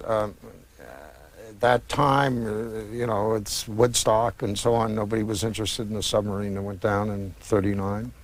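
A man in his sixties, an author, answering interview questions in a reflective, meandering way with frequent pauses and restarts. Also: on the low side. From United States. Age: 60s. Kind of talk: conversational interview.

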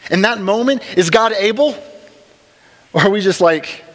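A man leads a church class in an easygoing, conversational manner, slipping in humorous asides and repeating himself as he gathers his thoughts. His voice sits somewhat high for a man. A long reverb from the church hall trails behind every phrase. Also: normal speed, a bit bright. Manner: casual, joking asides, frequent restarts. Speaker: Bible study teacher.

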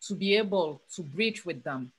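A woman from Cameroon whose first language is French, speaking on a panel in a measured, hesitant way with fillers. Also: on the low side, animated, breathy edge, low-quality recording. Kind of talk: panel discussion.

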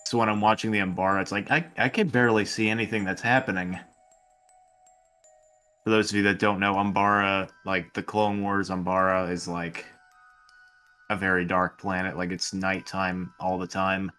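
A man with a very low voice that still sounds bright and forceful. He chats casually on a podcast, slipping in joking asides. Faint music sits under him. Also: little pitch movement, moderate pace. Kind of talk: casual chat.

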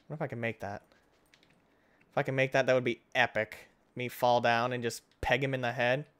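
A man hosting his gaming channel, giving casual let's-play commentary, excitable and swinging between loud outbursts and hushed muttering. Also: medium pitch, brisk, smooth.

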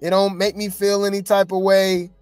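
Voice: mid-range voice, completely flat delivery, normal speed, a little mellow, no echo, soft background music. Blunt dismissive gossip-show host. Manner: blunt, dismissive, talks to viewers as y'all. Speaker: commentary channel host. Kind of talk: casual gossip commentary.

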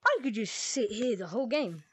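A woman's voice: fairly high pitch, expressive, fairly quick, husky. A woman giving casual, reactive commentary while playing a game, often talking to herself. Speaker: gaming creator. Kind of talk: live gameplay commentary.

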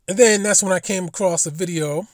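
A man's voice: high-pitched, a little fast, no echo, clean studio sound. A man giving a casual commentary monologue as a vlogger, profane and emphatic, with indignant rhetorical questions.

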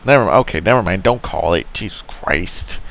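A man giving casual, excitable commentary while playing a video game, reacting out loud and swearing often. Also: low-pitched, fast talker, gravelly, a little hiss or hum. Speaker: let's play gamer.

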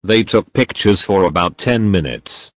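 A man reads fan fiction narration in a plain, matter-of-fact way. His voice sits fairly low but moves a lot in pitch. The recording is close and dry. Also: animated, measured pace, no echo.

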